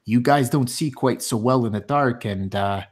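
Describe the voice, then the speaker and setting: A man's voice: mid-range voice, normal speed, breathy edge, natural voice. A man voicing a blunt male adventuring companion in a tabletop game, who mutters his words in a matter-of-fact way. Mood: urgent.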